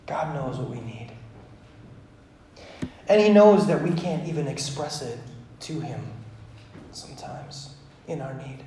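Male pastor, thirties, higher voice, sermon that drops soft then builds lively. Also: measured pace, pauses often, roomy sound, a little hiss or hum. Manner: swings from hushed to animated storytelling.

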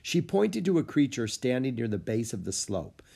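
A man narrating a children's book with lively storytelling. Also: mid-range voice, moderate pace, gravelly, breathy edge. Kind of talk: audiobook reading of a children's book.

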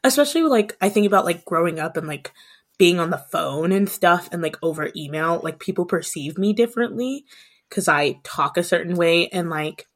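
A woman's voice: fairly low pitch, normal speed. A woman in her twenties hosting a casual podcast discussion, chatty with many filler words. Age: 20s. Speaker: podcast host.

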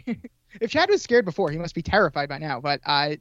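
A man's voice: a little high, very animated, fairly quick, a bit bright. Jokey man co-host, dull mic. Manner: laughs easily, jokey. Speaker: podcast co-host. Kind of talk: casual film recap chat.

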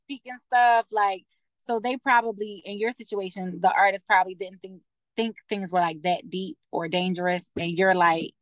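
A young woman from West Philadelphia talks as a podcast guest, friendly and chatty, quick to ask questions back. Her voice sits at an ordinary pitch and is recorded dry and close. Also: dry recording. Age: young adult. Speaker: guest, musician and actor. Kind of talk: casual interview chat.

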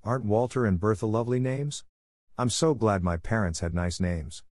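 A man's voice: lowish voice, normal speed, a little mellow, no room sound, lightly acted. A man reading the part of an eager, dreamy eleven-year-old orphan girl in an audiobook, in a gushing way.

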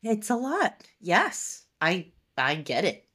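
A woman with a low-pitched voice hosts a podcast in easy conversation. She reacts eagerly and keeps up a stream of encouraging replies. Her tone stays casual and upbeat. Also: very animated, slow, fairly bright tone, slight background noise. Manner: enthusiastic, lots of affirmations. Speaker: podcast host.

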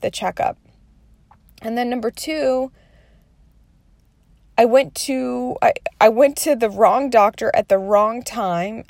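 A woman's voice: a little high, darkish tone, dry recording. A woman in her thirties telling a rambling, emotional story through near tears, swearing often. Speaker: vlogger. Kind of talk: candid storytelling.

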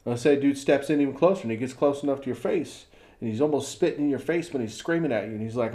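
A man's voice: mid-range voice, quick pace. Man, middle-aged, podcast co-host, casual storytelling, acts out quotes. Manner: storytelling with lively acted-out quotes.

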